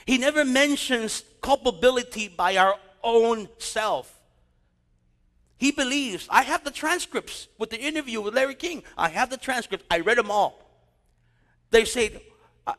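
Animated high-voiced preacher man in a hall. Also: a little slow. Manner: animated preaching with storytelling asides. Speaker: pastor. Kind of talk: sermon. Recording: long hall reverb.

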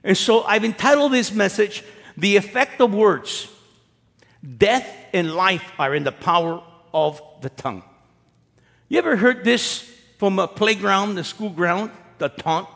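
A male pastor with a high voice preaches a sermon, speaking in an easy, conversational way. He keeps asking his listeners rhetorical questions. His voice rings with the long reverb of a large hall. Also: expressive, measured pace, creaky, a bit bright.

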